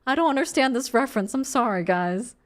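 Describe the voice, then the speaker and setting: A young woman chatting on a casual live stream. Her voice is a touch high and very animated, and it swings from shrieking laughter down to a low, relaxed talking voice. She is playful and self-mocking. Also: a little fast. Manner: drops to a low, calm natural voice.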